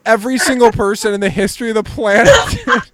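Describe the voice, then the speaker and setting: High-voiced excitable man. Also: fast talker, heavy background noise. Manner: excitable and profane. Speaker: podcast co-host. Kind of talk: casual comedy chat.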